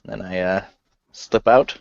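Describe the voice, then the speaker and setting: Low-voiced man playing a tabletop game. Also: smooth, dry recording. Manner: halting, slow-building narration. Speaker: player. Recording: dry, dull lo-fi sound.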